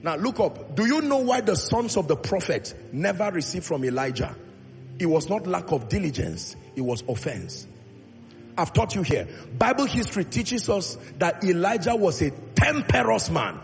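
A man's voice: sits high, very animated, moderate pace. A male pastor preaching a sermon with emphatic delivery, acting out Bible dialogue in his own voice. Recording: long reverb in a large hall, faint music.

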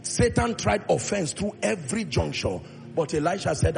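A man's voice: sits high, lively intonation, fairly quick, creaky. A male pastor preaching a sermon with emphatic delivery, acting out Bible dialogue in his own voice. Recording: long reverb in a large hall, faint music.

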